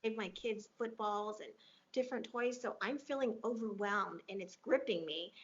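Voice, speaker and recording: A woman's voice: mid-range voice, normal speed, a little hiss or hum. A woman guest in an interview, earnestly retelling a moving personal story and quoting what people said to her. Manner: earnest, emotional retelling with quoted dialogue. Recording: dull lo-fi audio.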